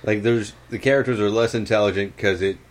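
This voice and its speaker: A man's voice: fairly low pitch, steady tone, a little fast. A man in a casual chat about a cartoon episode, picking apart plot logic and leaning on "like" as he thinks aloud. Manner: analytical, many "like" fillers.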